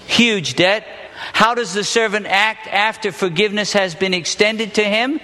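A man's voice: high voice, measured pace, pushed and bright, long reverb tail. A man teaching a Bible passage, reading it aloud and then questioning his listeners with small laughs.

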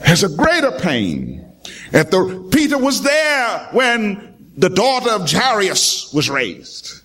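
Animated high-voiced preaching man. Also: slow pace. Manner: dramatic, emphatic, with rhetorical calls to the congregation. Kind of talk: sermon.

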